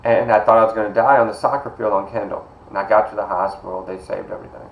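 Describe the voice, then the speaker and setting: A man's voice: fairly low pitch, level tone, fast, gravelly, roomy sound, highs cut off, a little hiss or hum. A middle-aged man teaching an online college class, speaking in a personal, encouraging way and greeting students by name. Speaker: college instructor. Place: video call from home.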